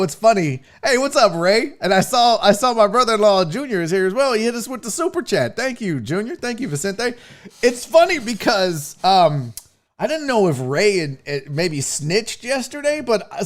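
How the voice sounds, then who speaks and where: Lively, joking man hosting a live stream. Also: sits high. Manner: animated, profane, joking with chat. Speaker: host of a live sports show. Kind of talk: casual live-stream chat.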